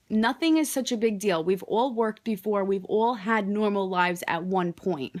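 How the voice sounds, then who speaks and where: A woman's voice: medium pitch, moderate pace, hardly any pauses. Candid young woman vlogging, rambling and swearing. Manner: candid, rambling, swears freely, says "like" often. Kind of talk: casual talk to camera.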